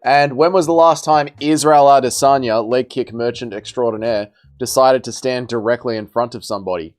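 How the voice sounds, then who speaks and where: A man's voice: mid-range voice, steady tone, moderate pace. A young man hosting a casual livestream, bantering as he reads and answers viewers' chat messages. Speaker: livestream host.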